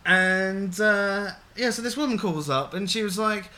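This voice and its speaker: Bright-voiced chatty man. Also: high voice, a little slow. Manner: rambling and chatty, with frequent restarts and swearing. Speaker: radio show host. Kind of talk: casual radio chat.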